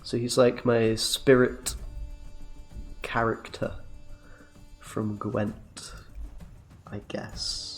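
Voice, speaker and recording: A man's voice: mid-range voice, level tone, drawn-out words, pauses often, faint music behind. A man giving casual, jokey commentary while playing a card game, laid-back and slangy, laughing often.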